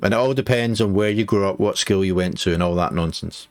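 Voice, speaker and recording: A man with a Glaswegian accent chats casually with his livestream viewers, swearing now and then. His voice sits slightly low and his tone is loose and talkative. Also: fast. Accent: Glaswegian Scottish. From Scotland. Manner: chatty, swears, talks to chat. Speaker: game streamer.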